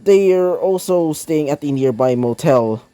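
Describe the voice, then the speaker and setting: A man's voice: fairly high pitch, animated, measured pace, mellow. A man reading his own fan fiction aloud in a casual, rambling way, with many fillers and self-corrections. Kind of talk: casual storytelling narration.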